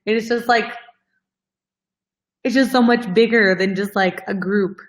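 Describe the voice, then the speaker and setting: In a rough recording, a woman hosting a fitness coaching show talks casually and earnestly to her followers, her medium-pitched voice steady in tone and measured in pace. She's emotional and close to tears, filling her heartfelt talk with lots of fillers, especially "like."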